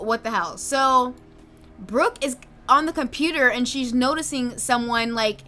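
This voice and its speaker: An excitable young woman narrating her own life-sim game story into a desk mic, reacting dramatically with gasps and exclamations. Her voice is bright and a little high. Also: normal speed.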